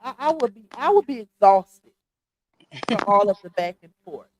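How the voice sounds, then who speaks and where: A woman's voice: mid-range voice, lively intonation, normal speed, low-quality recording. A congested woman hosting a casual live stream, talking straight to her viewers through earphones. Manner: chatty, addresses viewers as y'all. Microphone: earphones with mic.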